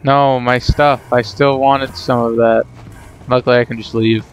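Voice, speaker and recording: A man's voice: medium pitch, little pitch movement, unhurried, smooth, faint music behind. A man casually commenting on his own gameplay, rambling and self-deprecating as he talks to himself. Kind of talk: casual let's play commentary.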